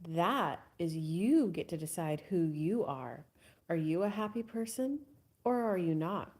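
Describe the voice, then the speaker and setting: A woman hosts a live spiritual coaching stream. She talks in a soft, casual voice with a husky edge and a mellow, darker tone, at times sinking to a whisper. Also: fairly low pitch, expressive, a little slow. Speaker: host.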